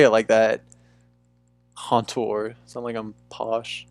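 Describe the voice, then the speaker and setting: A man's voice: medium pitch, flat delivery, a little slow, vocal fry, dry recording. A young man chatting casually with viewers on a live stream from a room at home, laid-back and talkative, calling people "dude". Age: young adult. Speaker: livestreamer.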